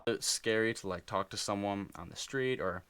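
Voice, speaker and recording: A man's voice: lowish voice, moderate pace, a bit bright, smooth, dry recording. A young man rambling loosely through casual reaction commentary, with many fillers. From United States. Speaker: reaction video host.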